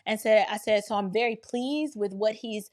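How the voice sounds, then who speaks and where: A woman from Georgia telling a story in lively casual speech, acting out the dialogue and talking to listeners as y'all. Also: medium pitch, moderate pace. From Georgia, near Atlanta. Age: adult with children. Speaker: storyteller recounting an encounter.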